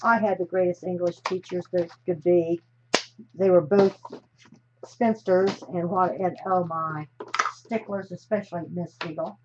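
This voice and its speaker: A woman's voice: lowish voice, fairly even intonation, unhurried. A chatty woman from the United States hosts a live stream as she crafts. She rambles and often drops a sentence halfway to start another. The recording is slightly dull, with a faint hiss underneath.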